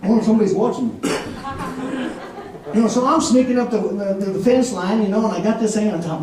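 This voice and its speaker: A man preaching a sermon as an animated storyteller, acting out voices and laughing often. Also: high-pitched, fast, pauses often. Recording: echoey room from far off with faint noise.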